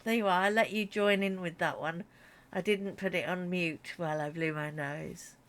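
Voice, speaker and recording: Streaming a game, this British woman talks at a normal speed in a fairly low, steady voice, with a slight hiss or hum on the recording. She jokes a lot, has a runny nose, and reads and replies to her chat in a casual way.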